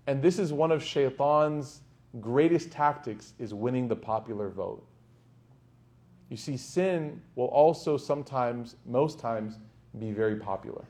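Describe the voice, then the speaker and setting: A man giving a sermon to a live audience in a lecture hall, in an animated storytelling manner, acting out the quoted voices. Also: medium pitch, measured pace. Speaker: Islamic lecturer.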